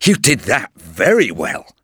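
A man's voice: lowish voice, slow pace, breathy edge, no room sound, clean studio sound, heavily acted. A man doing an eager young hero. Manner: energetic, exclaiming delivery. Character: brave young male hero, eager and quick-witted.

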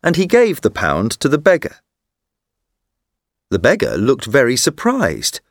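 Slow, clear male storybook narrator. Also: mid-range voice, wildly swooping pitch, dry recording, studio quality. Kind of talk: scripted narration of a graded reader story.

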